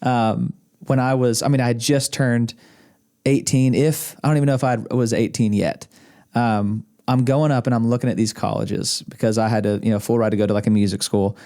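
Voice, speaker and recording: His voice sits in the middle range, mellow and steady in tone, with a pace that runs a little fast. This Arkansas man, husband of the host, guests on the podcast with meandering, casual stories full of chuckles and restarted sentences, recorded indoors in a studio room.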